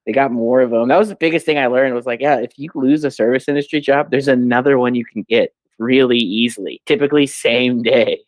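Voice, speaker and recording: A man chatting on a podcast, spinning stories in an animated way and breaking into high mock voices when he quotes people. His voice sits at a middle pitch. The recording is close and dry. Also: fairly quick, few pauses, no echo. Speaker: podcast co-host. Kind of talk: casual podcast chat.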